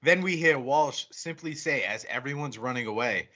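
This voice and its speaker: A man co-hosting a podcast in casual chat, excitedly retelling a movie plot with lots of swearing and acted-out quotes. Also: medium pitch, normal speed, lo-fi sound. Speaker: podcast co-host reviewing a horror movie.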